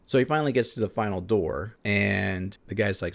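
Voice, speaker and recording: A man's voice: fairly low pitch, moderate pace, vocal fry. Casual man recapping a cartoon. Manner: casual, chatty, many fillers. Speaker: reviewer.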